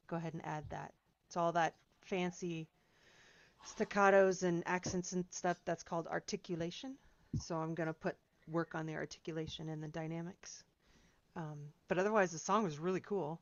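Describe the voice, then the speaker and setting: A woman's voice: on the low side, steady tone, normal speed, lo-fi sound. A woman piano teacher giving chatty, encouraging feedback to students in a seminar, singing out rhythms as she explains.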